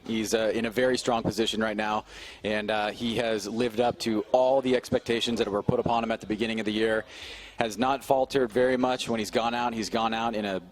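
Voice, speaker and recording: Measured male drift color commentator. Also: fairly low pitch. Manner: measured, explanatory, with hesitations. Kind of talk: live motorsport analysis.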